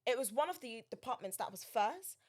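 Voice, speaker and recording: Animated high-voiced woman telling a story. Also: a little fast. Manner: animated storytelling, acts out quotes. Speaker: podcast co-host. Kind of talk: casual chat.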